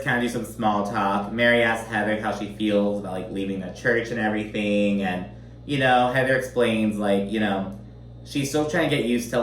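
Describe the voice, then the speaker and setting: A man's voice: mid-range voice, a bit bright. Chatty man recapping reality TV, roomy sound. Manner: chatty, swears freely, keeps saying "you know what I mean". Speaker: TV recap host. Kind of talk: casual reality-TV recap commentary. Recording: roomy, distant mic, faint hum.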